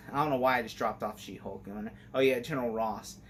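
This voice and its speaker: A man's voice: mid-range voice, steady tone, brisk, a little hiss or hum. A man talking casually and eagerly in a movie review, rambling with lots of fillers and restarts.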